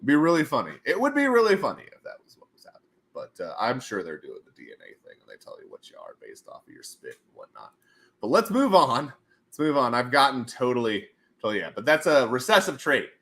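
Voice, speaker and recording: Casting: man, livestream host, lively and bright, rambling jokey chatter. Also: mid-range voice, quick pace. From United States. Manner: rambling, joking, laughs often. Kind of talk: casual livestream chat.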